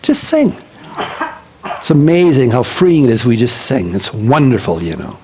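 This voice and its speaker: A male pastor giving a casual Bible-teaching sermon to his congregation, animated and conversational with joking asides. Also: mid-range voice, moderate pace, a little hiss or hum. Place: church service before a congregation.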